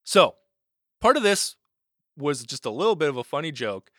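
A man running a tabletop role-playing game, narrating in a relaxed way with many fillers. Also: on the high side, normal speed, no room sound, studio quality. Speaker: game master.

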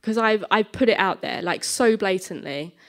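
A woman's voice: medium pitch, normal speed. A young woman sharing a personal faith testimony, telling it as a story and acting out both sides of each conversation. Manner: animated, acts out both sides of dialogue. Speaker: Christian speaker sharing a testimony.

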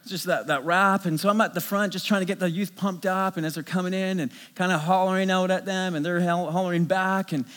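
A middle-aged male pastor preaches in a high, lively voice, telling a story and stumbling over restarts as he builds it up. His words ring out with a long reverb from a large hall. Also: brisk, hardly any pauses. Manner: storytelling, animated, many restarts. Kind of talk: sermon.

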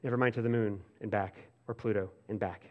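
Over narrow, tinny audio, a lowish-voiced pastor preaches a little fast in an offhand, conversational style. He leans on "like" and restarts his thoughts, moving between animated bursts and soft, hushed lines.

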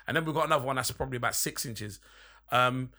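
A man's voice: mid-range voice, fast talker, pushed and bright. A young man telling a long, rambling, sweary anecdote in casual chat among friends. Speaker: podcast storyteller.

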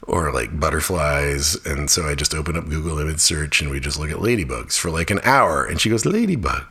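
A man's voice: extremely low pitch, fairly quick, sharp tone, breathy edge. A middle-aged man hosting his own podcast, rambling in a chatty, casual solo monologue and swearing offhandedly. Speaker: podcast host.

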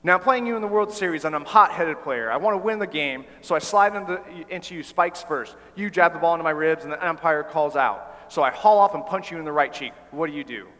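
A man voicing an emphatic male baseball general manager with a forceful, insistent manner, in a reverberant hall. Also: medium pitch, expressive, fast, hardly any pauses, lightly acted.

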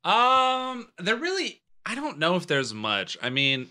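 A man's voice: high-pitched, wildly swooping pitch, slow, sharp tone. A young man co-hosting a casual movie chat who is blunt and contrarian and jokes around. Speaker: podcast co-host.

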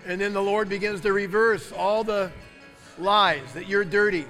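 A man's voice: high-pitched, fairly even intonation, moderate pace. Fervent preacher man in a ringing hall. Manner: fervent, declaring, rising to loud repeated proclamations. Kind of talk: sermon with ministry prayer. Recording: long hall reverb with soft guitar music.

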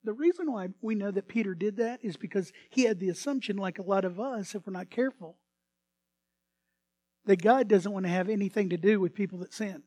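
A man preaching a sermon as pastor, swinging between hushed asides and sudden loud bursts. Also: high-pitched, fairly quick, no room sound.

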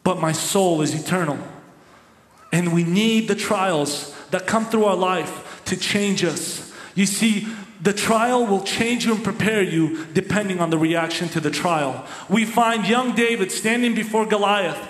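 A man's voice: sits high, unhurried, a bit bright. A man preaching a sermon as a pastor, with emphatic, repetitive phrasing. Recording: echoey hall with long reverb.

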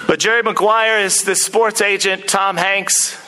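A man preaching a sermon to his church, lively and animated, acting out quotes and movie scenes. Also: high voice, unhurried, rough recording. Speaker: pastor.

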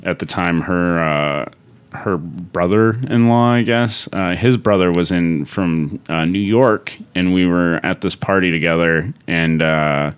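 A man's voice: sits low, measured pace, clean tone. A man from South Dakota telling stories as a studio guest, rambling and leaning heavily on fillers like "uh" and "like.". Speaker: podcast guest. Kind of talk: casual storytelling.

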